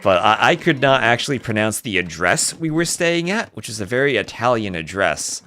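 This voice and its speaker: A man casting a live strategy game, mixing chatty storytelling asides with excited play-by-play calls. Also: medium pitch, moderate pace, a little hiss or hum. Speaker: esports caster. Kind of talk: live game commentary with casual chat.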